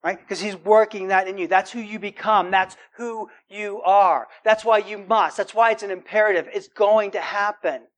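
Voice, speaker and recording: A man's voice: high-pitched, fairly even intonation, normal speed, few pauses, a bit bright. A male preacher delivering a sermon in a loose, conversational way. He keeps checking in with his listeners with "right?" and shifts into an earnest tone when he quotes scripture.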